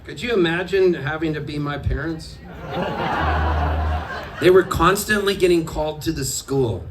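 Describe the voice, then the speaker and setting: Animated man telling stories on stage. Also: mid-range voice, a little slow, long pauses. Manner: animated, self-mocking, laughs through his stories. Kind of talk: storytelling between songs at a live show. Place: live music venue with an audience. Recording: distant live room recording with crowd. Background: audience and ambient noise.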